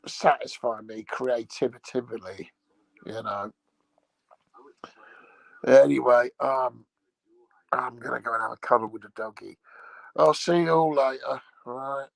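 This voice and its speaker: A man's voice: medium pitch, gravelly, dry recording, rough recording. A man hosting his own stream, rambling casually through a sweary, jokey monologue. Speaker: streamer host.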